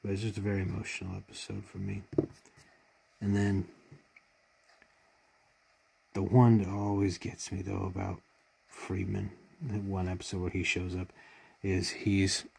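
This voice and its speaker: A man's voice: completely flat delivery, unhurried, pauses often, a little mellow. A man retelling a favorite TV episode in casual fan commentary, heartfelt and rambling, choked up with emotion. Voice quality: deep gravelly husky voice.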